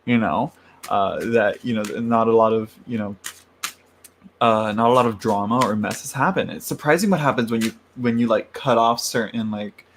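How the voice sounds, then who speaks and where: A man's voice: on the low side, normal speed, a little hiss or hum. Chatty man rambling on a livestream. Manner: chatty, rambling, laughs often, greets viewers by name. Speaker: tarot livestream host. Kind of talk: casual livestream chat. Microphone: large microphone.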